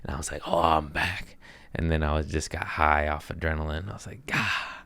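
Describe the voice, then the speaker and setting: A young man hosting a podcast, hoarse from screaming and sore, telling comedic stories in a casual chat. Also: a bass voice, steady tone, fairly quick, sharp tone, no room sound. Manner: laughing through pain, sore and winded. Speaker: podcast host.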